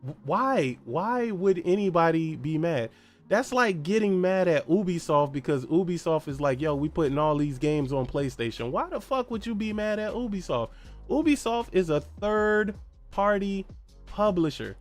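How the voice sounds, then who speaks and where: A man's voice: high-pitched, animated, a little slow, faint music behind. A man hosting a solo gaming podcast, ranting in a heated, profane and mocking way and firing off repeated rhetorical questions. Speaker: podcast host.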